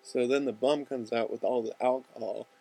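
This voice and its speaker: A man's voice: mid-range voice, fairly even intonation, moderate pace, vocal fry, dark tone, husky. Rambling, profane young man. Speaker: filmmaker pitching a storyboard. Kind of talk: casual storytelling.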